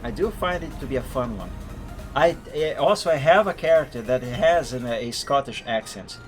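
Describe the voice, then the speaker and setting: A man's voice: medium pitch, lively intonation, moderate pace. A man streaming a driving game, chatting casually and rambling as he corrects himself mid-sentence. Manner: rambling, self-correcting, chuckling. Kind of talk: casual gameplay commentary. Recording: music playing under the voice.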